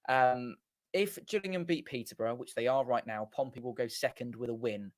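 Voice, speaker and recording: A man's voice: mid-range voice, a little fast, no room sound. A man hosting a fan watchalong, giving casual live match commentary in a chatty, rambling way and often correcting himself. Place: small home studio.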